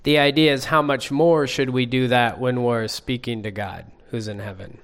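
A man leading a group Bible study, asking the class questions in a measured way. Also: mid-range voice, fairly even intonation.

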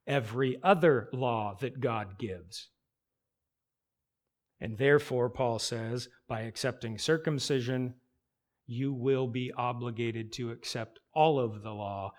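Slow, emphatic male preacher. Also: medium pitch. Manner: emphatic, rhetorical questions, slows for stress. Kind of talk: expository sermon.

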